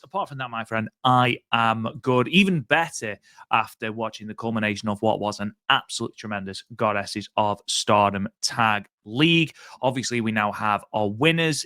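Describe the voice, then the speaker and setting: A male podcast co-host with a slightly low yet bright, forceful voice. He rambles through casual chat with many ums and jokes at his own expense. His voice comes through a remote podcast mic in a dry, dead room. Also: moderate pace, dry recording. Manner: rambling, self-deprecating, frequent ums.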